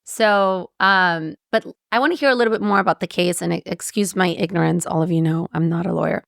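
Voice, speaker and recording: A woman's voice: on the low side, fairly quick, creaky, no room sound, clean studio sound. A woman in her thirties hosting a podcast, reacting playfully and asking her guest questions. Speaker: podcast host. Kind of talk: conversational interview.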